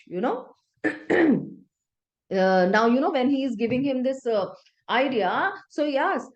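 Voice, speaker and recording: A woman's voice: high voice, animated, a little slow, pauses often, darkish tone. A woman teacher, explaining a play line by line and paraphrasing each line in simple words.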